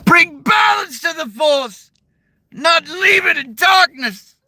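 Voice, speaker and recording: A man playing a heartbroken young Jedi knight, shouting in a strained voice pitched far above his own. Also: animated, slow pace, no echo, heavily acted. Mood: anguished.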